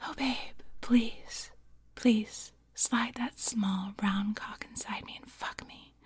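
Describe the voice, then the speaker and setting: A woman voicing a breathless, eager lover in whispered role-play, with soft moaning whispers that break into sudden high cries. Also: fairly even intonation, takes it slowly, husky, exaggerated voice. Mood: whispered, pleading.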